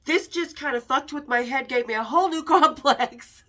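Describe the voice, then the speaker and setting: Fairly high-pitched, animated and pushed bright, her voice runs at normal speed with few pauses. The middle-aged Las Vegas podcast host recounts something personal with blunt honesty and cursing, acting out what people said.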